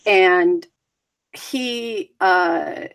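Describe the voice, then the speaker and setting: Woman co-host, unhurried, rambling conversational delivery. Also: lowish voice, vocal fry, smooth. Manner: chatty, rambling with fillers. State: deaf, hears consonants poorly. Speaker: podcast co-host. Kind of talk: casual chat.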